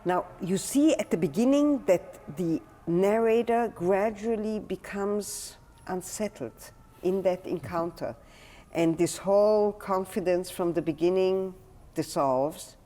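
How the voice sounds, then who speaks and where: A woman's voice: mid-range voice, takes it slowly, warm tone. A middle-aged woman scholar talking in a thoughtful interview, reflective and acting out quotes, with many "you know" fillers. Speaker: guest scholar.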